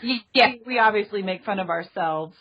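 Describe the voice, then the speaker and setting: A woman's voice: medium pitch, a little fast, dull audio. A woman chatting playfully as a podcast guest. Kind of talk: casual podcast chat.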